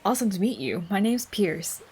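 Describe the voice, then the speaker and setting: A woman's voice: mid-range voice, sing-song, a little fast, darkish tone, slight background noise, natural voice. A woman voicing a friendly young male eagle villager from a cozy life-sim game, greeting in a chummy, upbeat way.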